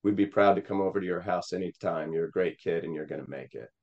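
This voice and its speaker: A big, kindly older man, as a storyteller puts him on, speaking in a deep, low voice. His words come slow, earnest and measured, each one set down with care. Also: darkish tone, highs cut off.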